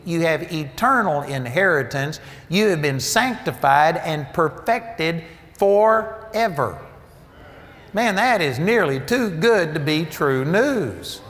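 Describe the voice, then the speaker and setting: A man's voice: fairly high pitch, a bit bright. A man preaching a sermon, emphatic and storytelling, his voice rising for key points. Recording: long reverb of a large hall.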